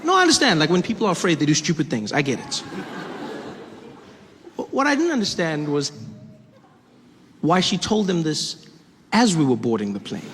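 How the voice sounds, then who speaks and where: Playful South African stand-up storyteller, thirties, slightly high voice. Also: male voice, a bit bright, a little hiss or hum. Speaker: stand-up comedian. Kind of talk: stand-up comedy.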